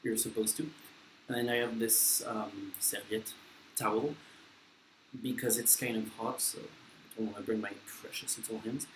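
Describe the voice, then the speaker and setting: A man's voice: fairly low pitch, steady tone, normal speed, slight background noise. A man in his twenties, not an English speaker, chatting casually and self-deprecatingly through a mukbang vlog with plenty of fillers. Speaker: vlogger. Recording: echoey room with faint ambience.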